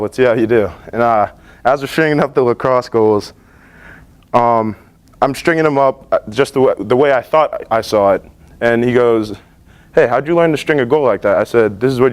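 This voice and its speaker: A young man in his late teens giving a class presentation about his internships, earnest and relaxed, with many fillers and restarts. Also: medium pitch, clean tone. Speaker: student presenter. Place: school library.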